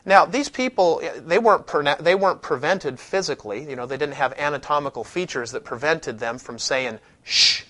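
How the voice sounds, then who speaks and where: A man's voice: fairly high pitch, brisk, few pauses. A man teaching a scripture class in a casual, conversational way, stopping to restart sentences and leaning hard on points he wants to stress. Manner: conversational, with frequent restarts and lively emphasis. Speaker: Bible teacher. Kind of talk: classroom lecture with scripture reading.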